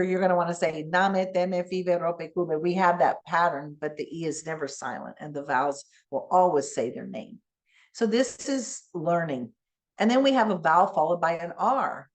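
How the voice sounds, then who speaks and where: Giving a keynote, a Spanish-first-language bilingual woman demonstrates phonics teaching as in a classroom. Her fairly low voice is animated, and she models each sound slowly.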